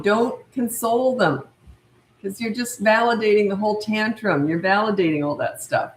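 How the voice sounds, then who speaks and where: Speaking a little fast with lively intonation, an older woman with a mid-range voice answers viewers' questions as a parenting coach on a live stream. Her style is blunt, firm, and repetitive, and the low-quality recording has room echo and slight background noise.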